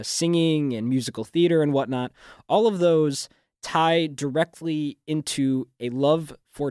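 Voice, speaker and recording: A man's voice: medium pitch, darkish tone, clean tone, dry recording, studio quality. A young man, a graduating student, talking fluently in a radio interview with a newsreader-like delivery. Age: young adult. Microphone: studio microphone.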